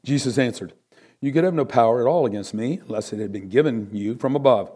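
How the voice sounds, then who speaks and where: A man preaching a Bible lesson in a middle-pitched voice. He reads the verses aloud and stresses the key words. He swings from loud, pressing peaks to low, quiet asides. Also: fast talker. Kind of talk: sermon, Bible teaching.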